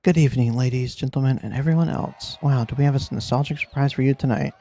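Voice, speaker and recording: A man's voice: medium pitch, quick pace, vocal fry, dark tone. A man doing Clive, a smarmy TV talk show host. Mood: showy. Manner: showy, smarmy announcer patter.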